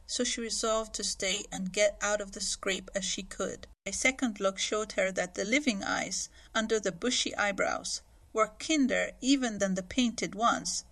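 A woman reading a classic novel aloud as a podcast narrator, with steady, clear storytelling. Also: medium pitch. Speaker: audiobook reader. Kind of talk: scripted narration.

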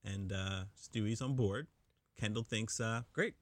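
An easygoing man chats as a podcast co-host, agreeing often and filling in plot details. His voice sits somewhat low. The recording is dry and close, with no room sound. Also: a little slow, no echo. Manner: relaxed, agreeable, chimes in with short affirmations. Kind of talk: casual chat.

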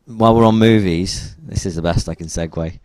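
A man's voice: sits low, a little fast, darkish tone, no echo. A man hosting a casual podcast, laid-back and hesitant with many ums. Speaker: podcast host. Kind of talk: casual chat.

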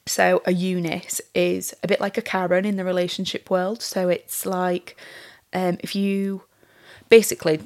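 A woman's voice: on the low side, flat delivery, measured pace, a little mellow. A young woman hosting a solo podcast, talking candidly and casually with plenty of fillers and swearing. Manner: candid, chatty, swears freely, many "like" fillers. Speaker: podcast host.

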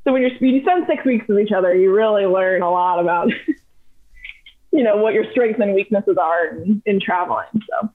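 A young adult woman guesting on a podcast, telling travel stories in an animated, chatty way with plenty of fillers. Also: medium pitch, normal speed. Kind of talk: casual storytelling chat. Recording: tinny phone-like sound.

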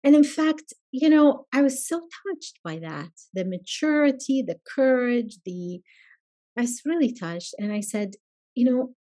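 A woman professor as a podcast guest, speaking thoughtfully and pausing often to find her words. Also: fairly high pitch, animated, dark tone. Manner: thoughtful, searching for words with pauses. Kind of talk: casual conversational interview.

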